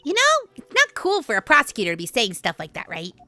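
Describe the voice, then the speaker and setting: A woman's voice: on the high side, wildly swooping pitch, quick pace, pushed and bright, exaggerated voice. A woman doing a brash cocky young guy. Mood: teasing. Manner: brash, boastful.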